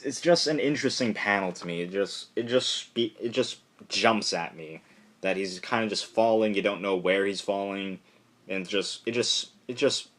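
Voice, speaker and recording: A young man talks through a comic issue in a loose, rambling way. His voice sits a bit low, and he keeps slipping into quick impressions of the characters. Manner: rambling, lots of fillers, acts out characters' lines. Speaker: comic book reviewer. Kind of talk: casual solo review.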